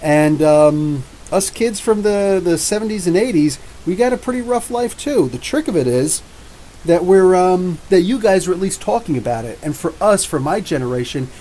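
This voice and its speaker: A man from New Jersey with drawn-out R's, hosting a live comics show. He rambles and jokes back at viewer comments in a slightly high voice. A faint hiss runs under the recording. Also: expressive, warm tone, poor audio. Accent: New Jersey with drawn-out Ohio-style R's. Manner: rambling, jokey, talks back to chat. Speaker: podcast host.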